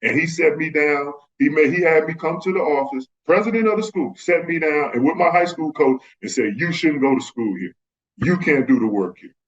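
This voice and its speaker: A man in his fifties spins stories in a relaxed chat, his voice sitting a little high. The audio is slightly muffled and dull. He slips into the voices of the people he quotes. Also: normal speed. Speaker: guest, former pro basketball player. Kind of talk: casual storytelling.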